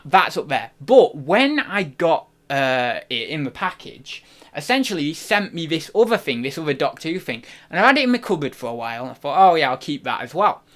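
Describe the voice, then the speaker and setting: Young guy streaming, talks into a desk mic, voice a bit high, jokey and rambling. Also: a bit bright. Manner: rambling, self-interrupting, jokey. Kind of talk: casual livestream chat. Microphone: desk microphone.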